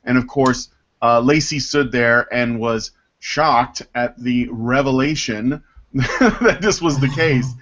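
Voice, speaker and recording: Male podcast host, mid-pitched, rambling and filler-heavy, dull lo-fi sound. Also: fairly bright tone. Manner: rambling, halting, with many fillers. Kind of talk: casual panel chat, reading listener mail.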